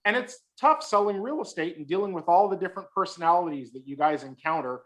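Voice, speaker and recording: A man with a high, bright voice gives a joking talk over a video call. He teases his listeners and spins a story toward its punchlines. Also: lively intonation, quick pace. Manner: joking, storytelling, teasing the audience. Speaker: guest speaker. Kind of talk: humorous speech on a video call.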